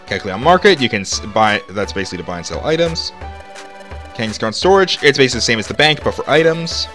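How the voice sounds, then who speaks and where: A man talks through a video game in loose, rambling commentary full of fillers. His voice swings up and down a lot and has a bright edge. Game music plays faintly underneath. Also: mid-range voice, very animated, fast talker. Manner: rambling, chatty, lots of "like" fillers. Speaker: let's play host. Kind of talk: casual gameplay commentary.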